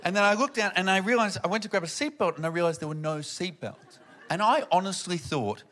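A man doing stand-up, telling animated family stories and acting out the people in them. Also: sits high, brisk, noisy background. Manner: animated, acts out family members in loud voices. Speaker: stand-up comedian. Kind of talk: stand-up storytelling. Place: comedy venue with audience.

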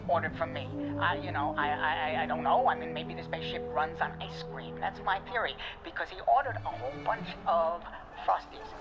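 An actor playing a flustered fast-food clerk rambling and stammering about what he saw. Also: on the high side, steady tone, muffled recording, music in the background, natural voice. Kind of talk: film dialogue.

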